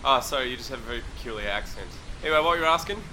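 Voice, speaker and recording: A man's voice: mid-range voice, lively intonation, very fast, pushed and bright, a little hiss or hum, rough recording. A man playing a bumbling field reporter who rambles and hesitates with lots of uh and um. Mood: befuddled.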